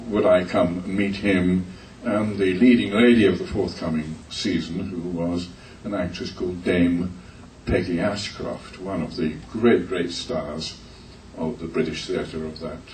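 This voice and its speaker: An older man, a guest actor on a convention panel, telling a story haltingly with many pauses and uhs. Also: low voice, fairly even intonation, darkish tone. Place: convention hall. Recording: echoey hall, distant mic, faint noise.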